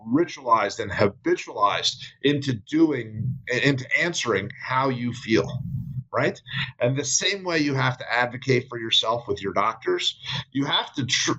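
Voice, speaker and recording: A man's voice: mid-range voice, fairly bright tone, highs cut off. A man as a podcast guest, sharing personal stories in a candid conversational way and often checking in with "right?". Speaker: podcast guest, app founder. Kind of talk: conversational interview storytelling.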